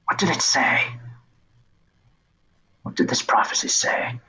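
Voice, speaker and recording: A man voicing a weary tentacled ogre herald of the dark in a whispered role-play, slow and dismissive. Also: low-quality recording. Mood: coaxing.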